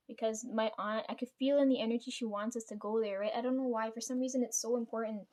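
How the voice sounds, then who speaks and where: A woman's voice: on the high side, steady tone, a little fast, a little mellow. A young woman vlogger telling a family story in a casual, venting way, swearing often and filling with "like". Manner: venting, swears a lot, many fillers.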